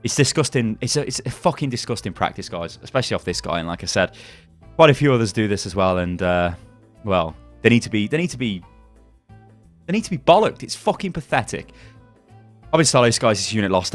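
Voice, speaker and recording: A man's voice: lowish voice, fast talker, faint music behind. A man hosting a gaming channel, ranting angrily with heavy swearing and frequent restarts. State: angry. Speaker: YouTube gaming channel host. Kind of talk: angry commentary video.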